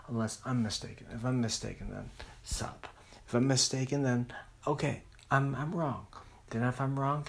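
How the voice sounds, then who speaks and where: A man ranting in a solo podcast, furious and profane, swinging between loud outbursts and hushed whispers, recorded in his room at night. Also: mid-range voice, vocal fry, breathy edge. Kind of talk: angry solo podcast rant.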